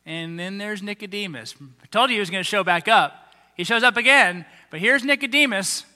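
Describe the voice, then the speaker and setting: A pastor preaching a sermon, animated and acting out the lines of people in the story he tells. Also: sits high, fairly quick. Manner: animated, acts out quoted voices of the crowds and leaders. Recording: long hall reverb.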